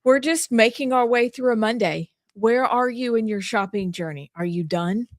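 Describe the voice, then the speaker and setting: A woman, co-hosting a talk radio show in casual, animated chat. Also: on the high side, normal speed, dry recording, studio quality. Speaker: radio co-host. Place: radio studio.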